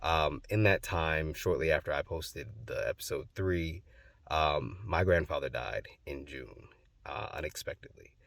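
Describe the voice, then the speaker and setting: A man's voice: very deep voice, measured pace, gravelly, fairly bright tone, dry recording. A young man hosting his channel, telling a personal story in a loose, rambling way with many fillers. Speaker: host.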